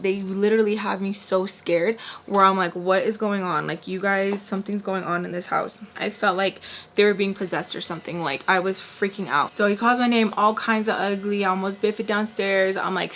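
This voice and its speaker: A young woman telling a casual storytime, animated and full of "like" and "y'all", acting out the people in it. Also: mid-range voice. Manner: animated, acts out the voices of people in her story; peppered with "like" and "y'all".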